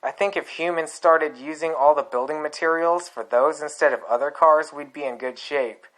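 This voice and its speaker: A man's voice: on the high side, normal speed, a bit bright, natural voice, low-quality recording. A man reading the lines of a cheerful young woman in his own plain voice.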